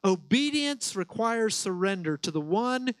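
Male pastor, high voice, earnest sermon delivery, dry close recording. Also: big pitch swings, no echo, poor audio. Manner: earnest preaching, slows on key words.

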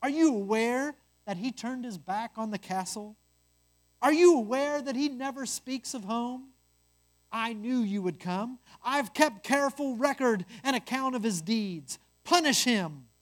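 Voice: mid-range voice, expressive, measured pace, voice pushed up, close to an everyday voice. A reader voicing a self-righteous, fault-finding brother who eagerly accuses his sibling in a told parable. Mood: accusing. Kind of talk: storytelling.

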